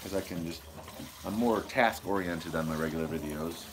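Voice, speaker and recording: A man's voice: deep voice, moderate pace, noisy background. Goofy rambling man on a live stream. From Michigan. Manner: goofy, rambling, reads viewer comments aloud. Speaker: homesteading channel host. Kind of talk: casual live stream chat. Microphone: wireless lapel mic.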